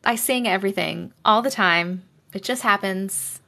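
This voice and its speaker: A woman's voice: medium pitch, measured pace, gravelly, pushed and bright. A woman with a Long Island accent hosting a live stream, chatting casually and reading viewer stories into a phone mic held close or clipped to her shirt. She is blunt and chatty and swears freely. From Long Island, New York.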